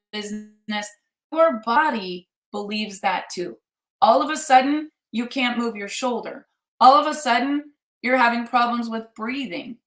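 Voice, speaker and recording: A woman's voice: a little high, fairly bright tone, reverberant. A middle-aged woman and life coach giving an emphatic motivational talk, repeating her points for effect.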